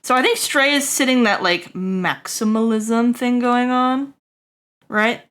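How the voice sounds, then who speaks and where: A woman streamer with a clean tone speaks unhurriedly while giving a casual critique of a character design. She rambles with lots of fillers, checks in with "right?", tosses jokey asides to chat, and bursts out high and loud.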